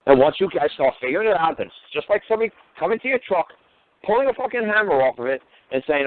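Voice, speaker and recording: A man's voice: a little high, sing-song, fast, no echo. A man talking bluntly and profanely, firing off rhetorical questions on a call-in talk show. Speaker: talk show guest lecturer. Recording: tinny phone line.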